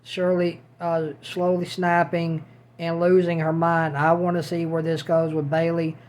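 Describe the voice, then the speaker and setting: Flat-voiced man with repetitive talk. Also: on the high side, a little slow. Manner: repetitive, circling back over the same points. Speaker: show reviewer. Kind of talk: casual spoken recap. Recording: dull lo-fi audio.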